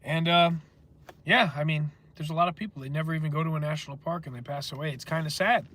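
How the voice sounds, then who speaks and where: A man's voice: on the high side, quick pace, fairly bright tone, slight background noise. A man with a stuffy nose, hosting a livestream and reading viewer comments in a rambling, earnest monologue full of filler words.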